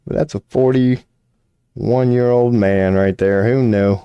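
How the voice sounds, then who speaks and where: A man's voice: mid-range voice, fairly even intonation, slow, clean tone, no echo, dull audio. A man streaming a casual rant, profane and mocking, with a drawling delivery at his computer.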